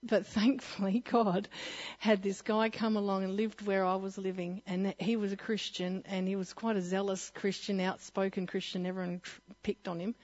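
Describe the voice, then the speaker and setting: Husky woman giving testimony. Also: medium pitch, flat delivery, normal speed, a little mellow, highs cut off. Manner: earnest, laughs often, restarts mid-sentence. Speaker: church speaker sharing her testimony. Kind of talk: personal testimony talk.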